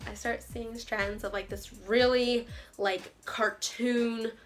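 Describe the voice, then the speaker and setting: A woman's voice: on the high side, steady tone, takes it slowly, faint music behind. A young woman vlogger telling a dramatic, chatty story with slangy asides. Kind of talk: storytime vlog.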